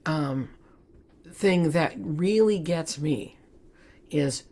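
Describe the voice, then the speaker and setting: A woman's voice: low voice, very slow, mellow. A woman presenting in a webinar, talking in an earnest, conversational way. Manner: conversational, laughs often, earnest. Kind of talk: webinar talk.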